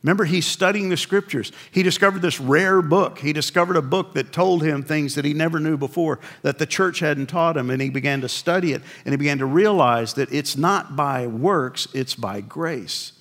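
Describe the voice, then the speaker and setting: A middle-aged male pastor preaching a sermon in a conversational, confessional way, dropping into quiet asides. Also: fairly high pitch, moderate pace, hardly any pauses.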